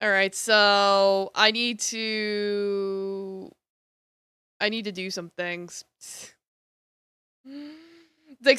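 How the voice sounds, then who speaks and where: A woman's voice: medium pitch, extremely slow, pauses often, sharp tone, clean tone, no room sound, studio quality. A young woman streaming a game, chatting casually and thinking aloud in a bemused way. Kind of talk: casual gameplay commentary.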